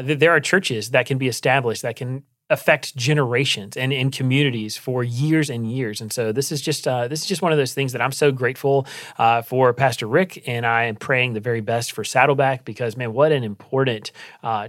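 A man's voice: mid-range voice, fairly bright tone, dry recording, clean studio sound. A man co-hosting a news talk show, giving earnest, emphatic commentary with frequent restarts. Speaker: co-host, commentator. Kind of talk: opinion commentary.

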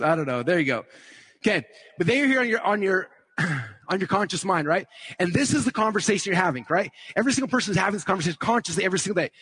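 A man giving a live conference talk, teaching quickly and checking in with "okay?" and "right?" as he draws on slides. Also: high voice, fairly bright tone, breathy edge, no echo. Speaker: speaker at a conference.

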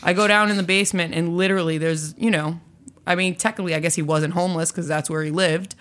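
A woman's voice: on the low side, fast talker. A woman in her forties, a podcast guest chatting casually and acting out quotes in her stories. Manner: animated, acts out quotes. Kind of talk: casual storytelling chat.

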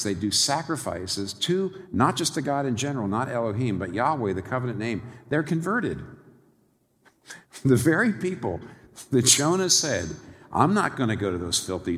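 A man preaching a sermon in an animated, wry way, often chuckling at his own irony. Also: fairly low pitch, big-room sound.

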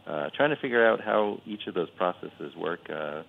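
A man's voice: low voice, animated, normal speed, creaky. A man who makes cheese, talking as a guest in a casual interview and rambling thoughtfully with lots of fillers. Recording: phone-line call.

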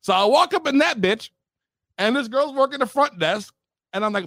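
Give me a high-voiced young male host, profane and animated, on a dry recording. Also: moderate pace, no echo. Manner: profane, animated, swings to shouting. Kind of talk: comic rant.

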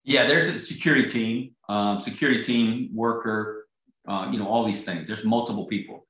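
A man's voice: lowish voice, normal speed, fairly bright tone, reverberant, poor audio. A man, a golf champion, telling a story casually with lots of fillers and restarts. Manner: rambling, full of fillers and restarts.

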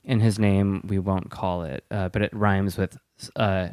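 Animated laughing male podcast co-host. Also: low voice, measured pace, smooth, dry recording, clean studio sound. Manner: animated storyteller, laughs a lot. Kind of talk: casual chat.

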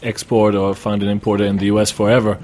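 Low-voiced hesitant male guest. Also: little pitch movement, fast, darkish tone. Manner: hesitant, many fillers and restarts while explaining. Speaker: beer importer guest. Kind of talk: casual studio interview. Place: radio studio.

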